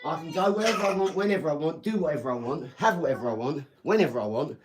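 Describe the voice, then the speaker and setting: A man's voice: a little high, lively intonation, fast, noisy background. English man, 40s, combative live-stream lecturer, off-mic in an echoey kitchen. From England. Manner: lecturing, combative, talks down to viewers. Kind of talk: ranting live-stream monologue. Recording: echoey room, mic at a distance.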